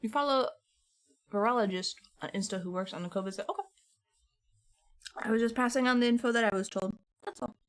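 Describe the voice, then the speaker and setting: A young woman chats casually on a home stream, answering viewers' messages as they come in. Her voice sits a little high, and she rambles loosely from one thought to the next. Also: brisk, long pauses. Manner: chatty, reads and answers chat messages, rambling. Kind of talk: casual chat with live chat.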